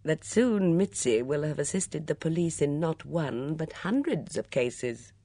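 Droll young man, thoughtful, played by a woman, pitched down low. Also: lively intonation, unhurried, dark tone, no room sound, full character voice. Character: dry, witty young man.

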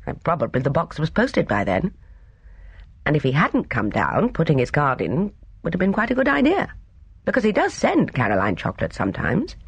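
A measured, gently teasing young man, as an audiobook narrator puts him on. The delivery stays level but the pitch moves a lot. The mic is dry and close. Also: wildly swooping pitch, gravelly, husky, no echo, muffled recording, heavily acted. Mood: calm.

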